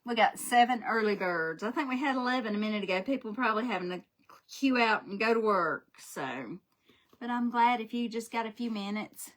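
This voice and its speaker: A woman's voice: on the high side, fairly quick, fairly bright tone. Chatty woman livestream host. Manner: chatty storyteller, laughs often. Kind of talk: casual chat while crafting.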